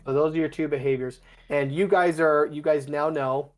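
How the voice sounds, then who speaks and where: A man running a tabletop game as game master, describing scenes in a halting way with frequent restarts. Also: fairly high pitch, fairly even intonation, soft background music. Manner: halting, with many restarts and fillers.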